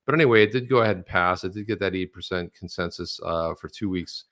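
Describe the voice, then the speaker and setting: A middle-aged man co-hosting a casual chat, telling stories in a rambling, animated way with lots of restarts. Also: sits low, fast. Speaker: co-host.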